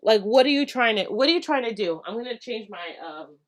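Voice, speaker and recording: A woman's voice: a little high, expressive, a little fast. A woman hosting a casual live stream, reading viewer comments and answering hair care questions in a chatty way with many fillers and frequent laughs.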